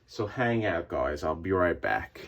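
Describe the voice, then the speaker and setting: A man's voice: expressive, unhurried, a bit bright, dull audio. A man walking viewers through a hands-on comic book restoration in a chatty way, repeating himself as he works. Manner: makes squeaky sound effects in a high voice. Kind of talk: casual hands-on tutorial.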